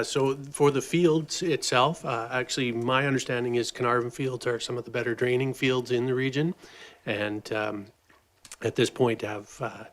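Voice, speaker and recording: A man on a city's parks staff, answering questions at a council meeting while losing his voice and clearing his throat. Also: medium pitch.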